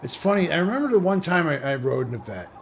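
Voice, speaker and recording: A man's voice: a little high, sing-song, fast talker. A man hosting a gaming channel, chatting casually and rambling with self-interruptions while he plays. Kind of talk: casual let's-play commentary. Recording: game audio and engine noise underneath. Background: race car engine sounds.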